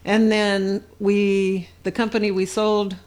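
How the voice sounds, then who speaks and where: Calm older woman recalling the past. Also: medium pitch, takes it slowly. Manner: calm, brief confirmations, matter-of-fact recollection. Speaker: guest, the host's mother. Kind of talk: casual conversation.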